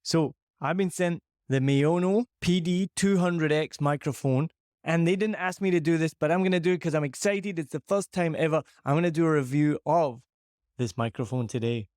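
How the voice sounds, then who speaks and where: A Scottish podcast host with a slightly high, smooth, somewhat mellow voice reviews a microphone at normal speed, chatting in an upbeat, self-deprecating way. There's no echo and the sound is clean, like a studio. He uses a dynamic mic on a boom arm in a large, empty living room with shiny surfaces.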